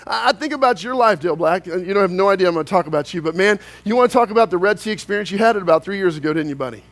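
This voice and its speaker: A man preaching a sermon as pastor, swinging from loud, animated outbursts to quiet, hushed lines. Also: high-pitched, rapid-fire, no echo.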